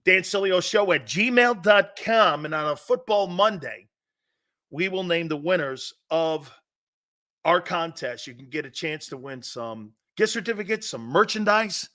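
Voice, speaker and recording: Middle-aged guy sports radio host, high lively voice, bright and punchy, loud rant. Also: measured pace. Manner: loud, mocking, puts on voices and laughs often. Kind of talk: animated sports talk rant.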